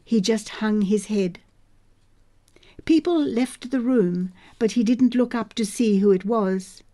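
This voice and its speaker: Woman audiobook narrator, slow steady reading, warm mellow tone. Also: fairly high pitch. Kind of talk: scripted novel narration.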